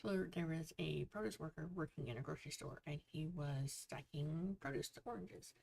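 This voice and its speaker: Gravelly husky woman chatting on stream. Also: low-pitched, moderate pace, a little mellow. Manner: chatty, joke-telling, reads viewer comments aloud. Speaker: author livestream host. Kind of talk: casual livestream chat.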